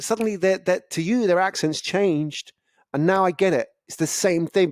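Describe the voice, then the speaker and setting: A man giving a casual, animated talk about storytelling, often acting out other people's reactions. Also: mid-range voice, no echo, studio quality. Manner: animated, acts out listeners' reactions. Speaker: speaker on storytelling.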